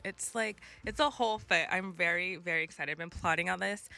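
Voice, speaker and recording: A young woman chatting on a radio show, excited and chatty. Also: on the low side, brisk, vocal fry, faint music behind. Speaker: co-host. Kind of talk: casual radio show chat.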